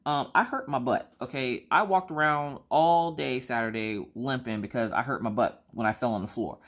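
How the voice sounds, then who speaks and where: Chatty woman telling home stories. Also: normal speed. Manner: chatty storyteller, acts out quotes in a high squeal. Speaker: crafting vlogger. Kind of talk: casual chat while crafting.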